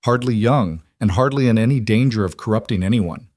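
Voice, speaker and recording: A man's voice: fairly low pitch, a little fast, a little mellow, no room sound, clean studio sound, natural voice. A man voicing a proud young frontier woman who speaks sharply and bitterly. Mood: indignant.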